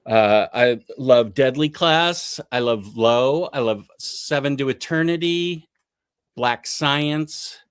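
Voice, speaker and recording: Casting: male streamer, mid pitch, chatty and hesitant, dry close mic. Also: slow pace, clear, resonant tone, no echo. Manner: rambling, hesitant, lots of fillers. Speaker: podcast host. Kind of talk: casual live-stream chat.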